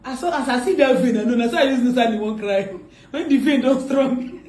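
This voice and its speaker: High-voiced Nigerian woman, echoey room. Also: fairly quick. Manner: lively, laughs through her speech. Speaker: prank video maker. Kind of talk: casual prank banter. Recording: echoey room with faint noise.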